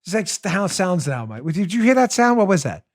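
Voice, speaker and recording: A middle-aged man hosting a political talk show, sarcastic and mocking, often breaking into loud theatrical ranting. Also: high-pitched, big pitch swings, a little fast. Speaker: host.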